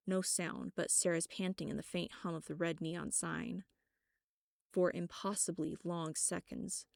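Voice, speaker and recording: A woman narrating first-person fiction as an audiobook, reading in a measured, even way. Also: lowish voice, creaky, no echo, studio quality.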